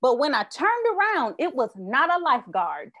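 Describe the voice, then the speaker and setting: A woman with a fairly high voice preaches through a childhood story. She builds her points by repeating short refrains, and she speaks to her listeners directly. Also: very animated, normal speed, a bit bright. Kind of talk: sermon with personal story.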